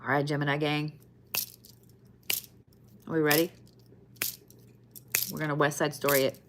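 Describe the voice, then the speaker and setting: Woman with a lowish voice as a zodiac reader, casual, profane and repetitive, a touch tired. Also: flat delivery, a little slow, noisy background. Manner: blunt, swears often, repeats phrases for emphasis. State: tired, yawning. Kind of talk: casual weekly zodiac card reading.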